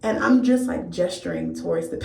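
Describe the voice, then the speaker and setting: A woman's voice: lowish voice, dark tone. A young woman vlogger telling a storytime tale in a candid, profane, amused way. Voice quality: gravelly vocal fry. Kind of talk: storytime chat. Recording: echoey room.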